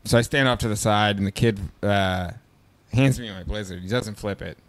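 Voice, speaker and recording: A man's voice: lowish voice, normal speed, no room sound. A man in a casual chat, telling a story with lots of "like" and "dude" and frequent laughter. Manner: animated storyteller, laughs often, says "like" and "dude" a lot.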